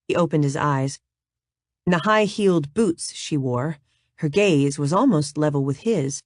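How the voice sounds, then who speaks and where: Woman reading an audiobook, low voice, super dry close sound. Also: expressive, measured pace, no room sound. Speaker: audiobook narrator. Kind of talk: audiobook narration.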